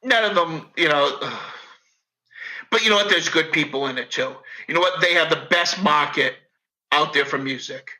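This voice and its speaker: A man with a Boston accent, a podcast guest talking casually in a profane, rambling, animated way. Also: fairly high pitch, moderate pace, rough recording. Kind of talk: casual chat.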